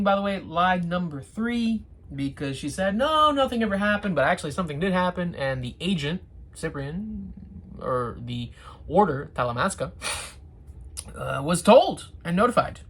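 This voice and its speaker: A TV reviewer talks through an episode in a lively, swooping voice with a husky edge. The delivery is casual and full of sarcastic asides and restarts. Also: mid-range voice.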